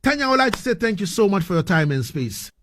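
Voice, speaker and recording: A man hosting a radio interview, effusive and warm in his praise, often repeating words as he gathers his thoughts. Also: sits high, very animated, fast, slight background noise. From Ghana. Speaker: radio show host.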